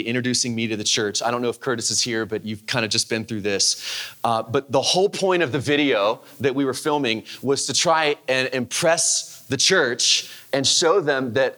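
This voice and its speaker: A man's voice: medium pitch, fairly bright tone. Male pastor, 30s. Candid, conversational sermon delivery. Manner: candid, conversational, halting with restarts.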